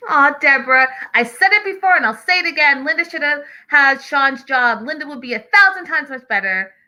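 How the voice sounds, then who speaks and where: A woman's voice: high voice, expressive, fairly quick, bright, forceful tone, rough recording. A woman host talking casually through a reality show recap, reading out live chat messages as she goes.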